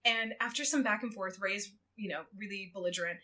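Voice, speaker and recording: A woman chatting casually on a podcast, retelling a story with lively acted quotes and frequent laughter. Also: medium pitch, fast. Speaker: guest co-host. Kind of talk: casual podcast chat, recapping a book.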